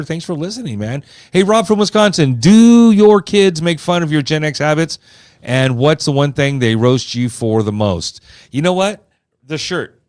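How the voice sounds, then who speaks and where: A man's voice: on the low side, vocal fry, darkish tone, no room sound, clean studio sound. A man around fifty hosting a podcast, talking loosely and rambling with lots of fillers and restarts. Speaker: podcast host. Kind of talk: casual podcast chat.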